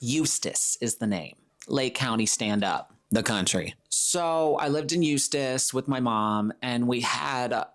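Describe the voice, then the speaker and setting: Chatty podcast host, playful solo talk. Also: male voice, medium pitch, fairly bright tone. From Florida. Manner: chatty, playful, slips into comic voices for quotes.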